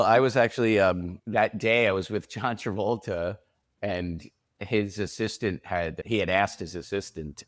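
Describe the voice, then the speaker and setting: A man's voice: fairly low pitch, dry recording, studio quality. A man who designs prosthetic makeup, chatting casually in an interview and telling stories with acted-out quotes. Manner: animated storyteller, acts out quotes.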